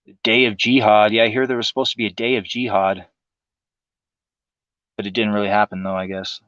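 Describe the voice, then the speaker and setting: A man's voice: lowish voice, level tone, fairly quick, a bit bright, no echo, highs cut off. A man hosting a livestream, delivering a profane, sarcastic political monologue in a casual ranting manner. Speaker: livestream host.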